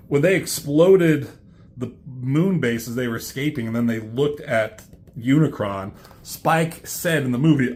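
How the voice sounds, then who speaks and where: A man talks through a comic book in a loose, rambling way as a reviewer. He swears freely and keeps his voice at a middle pitch. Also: animated, takes it slowly, darkish tone. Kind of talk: casual retelling of a comic.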